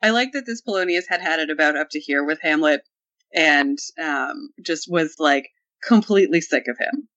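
Animated woman panelist on muffled audio. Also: low voice, normal speed, faint music behind. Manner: animated, quoting lines in playful voices. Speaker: podcast panelist. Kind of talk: casual discussion.

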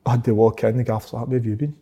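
A man's voice: medium pitch, very fast. A man with a Scottish accent telling a story in casual chat, laughing often and acting out what people said. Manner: animated, laughs often, acts out quotes.

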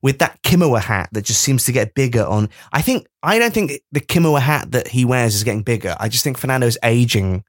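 A man's voice: mid-range voice, lively intonation, brisk, hardly any pauses, dry recording, clean studio sound. A man co-hosting a podcast, playfully riffing and swearing in casual chat. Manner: playful, swears, slips into mock voices of others. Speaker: podcast co-host.

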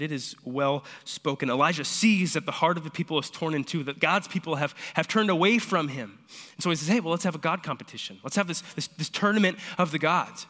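A man preaching a sermon, retelling scripture in lively, casual everyday speech. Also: fairly high pitch, long reverb tail. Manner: animated storytelling, paraphrasing scripture in casual modern speech. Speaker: pastor.

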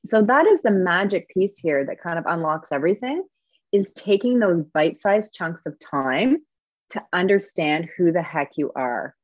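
A woman author explaining an idea in a steady, clear way during a conversation. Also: lowish voice, moderate pace, dry recording, highs cut off. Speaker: author guest.

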